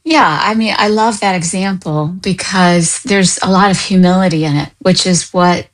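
A woman counselor answers an interview question thoughtfully, with a few soft hesitations. Her voice is somewhat low for a woman. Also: moderate pace, rough recording. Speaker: guest counselor and coach.

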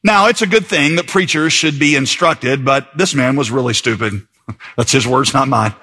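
A man's voice: mid-range voice, normal speed, bright, forceful tone, breathy edge. A man preaching a sermon as pastor, conversational and reading passages aloud with fillers.

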